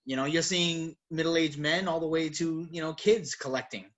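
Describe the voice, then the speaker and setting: A man's voice: fairly high pitch, moderate pace, a bit bright. Middle-aged man chiming in casually. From Boston. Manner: laughs easily, chimes in with short agreements. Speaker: co-host. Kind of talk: casual chat.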